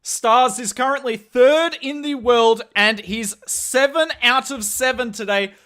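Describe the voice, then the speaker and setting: Australian guy, young, high bright voice, excitable live game caster chatting to viewers. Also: unhurried, clean tone. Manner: excitable play-by-play, chatty asides to chat. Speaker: live-stream game commentator.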